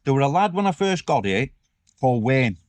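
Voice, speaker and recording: A man's voice: mid-range voice, very animated, a little fast, a little mellow, no echo. A man, a former prisoner as interview guest, telling his story candidly with rambling restarts. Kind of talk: casual interview chat.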